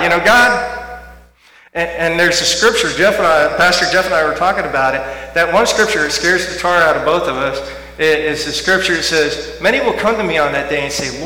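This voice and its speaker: A man preaching a sermon in a church, talking conversationally and swinging from quiet reflection to loud emphasis. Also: on the high side, brisk. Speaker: pastor. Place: church sanctuary. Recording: echoey hall with faint hum.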